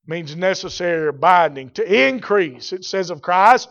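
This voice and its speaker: A man preaching a sermon, swinging from loud shouts to quiet, drawn-out emphatic words. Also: high voice, lively intonation, lo-fi sound.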